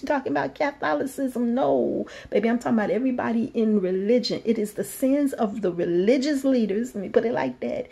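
Woman, sermon, scripture reading, slightly high voice, mellow dark tone. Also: slightly rough. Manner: reads scripture then preaches freely, shifts from soft whispers to fervent emphasis. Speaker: minister teaching scripture.

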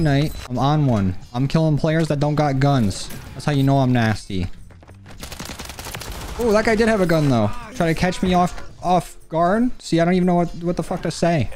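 A man's voice: on the high side, moderate pace. A man giving casual, cocky commentary on his own gameplay as a gaming YouTuber, with faint music and game gunfire behind him. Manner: animated, cocky trash talk.

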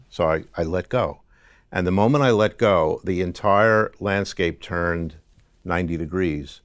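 A man guest in an interview, recounting a dream in a halting way with restarts. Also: deep voice, dry recording, studio quality. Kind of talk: testimony interview.

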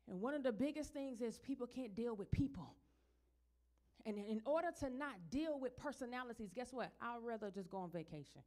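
A middle-aged woman minister preaching a sermon in a church, talking plainly to the congregation and then building to loud, high, emphatic passages.

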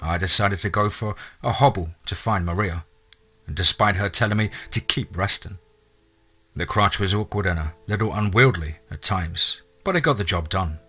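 A man's voice: low voice, moderate pace, bright, forceful tone, husky. A man narrating a first-person camp horror story in a casual, wry way. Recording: faint music underneath.

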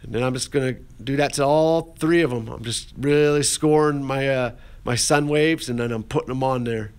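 A man's voice: mid-range voice, moderate pace, darkish tone, clean tone. A man teaching an art class, walking through a clay demonstration in a folksy, encouraging way with plenty of fillers and restarts.

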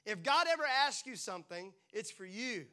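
A man preaching a sermon to a congregation, playful and animated, acting out quick little voices as he talks. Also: high voice. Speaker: pastor. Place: church.

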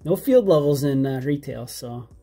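A man's voice: medium pitch, lively intonation, normal speed, mellow, faint music behind. A man hosting a card-collecting channel, chatting casually and naming cards as he flips them. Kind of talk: casual pack-opening chat.

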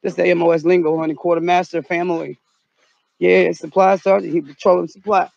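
A woman vlogging outdoors, talking in a dramatic, excitable way with exaggerated fright. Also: lowish voice, brisk, gravelly, no echo, muffled recording. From North Carolina. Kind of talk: casual comedic vlog. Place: outdoors in the cold.

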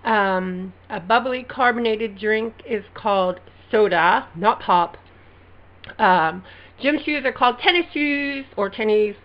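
A woman's voice: medium pitch, slow, muffled recording. A woman from Alabama with an Alabama Southern accent, reading words aloud in a casual vlog and laughing between them. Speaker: vlogger. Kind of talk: casual word-list vlog.

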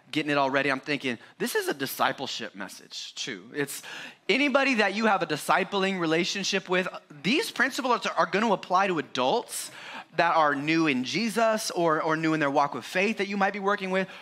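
A man's voice: fairly high pitch, pushed and bright. A man in his forties preaching a sermon at church, chatty and joking, acting out scenes from family life. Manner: jokey and conversational, acts out his kids in a raised voice. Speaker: pastor.

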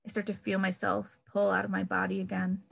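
A woman reads her own fiction aloud in a measured, wry way, pressing certain words hard. Her voice sits in a middle register with a steady gravelly fry. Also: mid-range voice. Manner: measured, wry, pointed emphasis on key words. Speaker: author reading her novel.

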